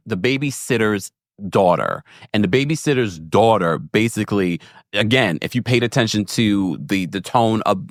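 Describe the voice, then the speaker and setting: A man hosting a reality TV recap in a casual, animated way. He breaks into high, mocking voices whenever he acts out what someone said. The recording is dry and close to the mic. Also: dry recording. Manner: animated, jumps into high mocking voices when quoting people.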